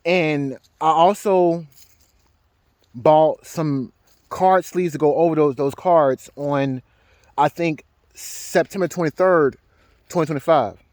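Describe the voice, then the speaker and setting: A young man telling a rambling personal story as a vlogger, halting and repeating words, laughing often and swearing. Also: on the high side, a little mellow, no echo, clean studio sound.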